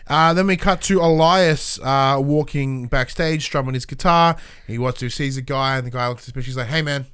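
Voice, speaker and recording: A man co-hosting a podcast, chatting casually, animated, swearing and acting out quotes. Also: medium pitch, normal speed, clear, resonant tone. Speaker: podcast co-host. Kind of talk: casual chat recapping wrestling.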